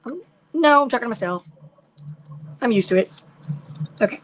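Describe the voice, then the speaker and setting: A woman's voice: fairly high pitch, animated, normal speed, slight background noise, low-quality recording. An older woman chatting casually while crafting on a livestream at home, rambling and greeting viewers by name.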